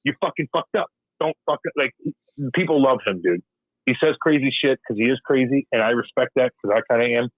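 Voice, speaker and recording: Here the ex-enforcer from hockey sounds brisk and mid-pitched on a dry recording with narrow, tinny audio. As a guest, he swears often, laughs frequently, and acts out old quotes in a blunt, casual interview.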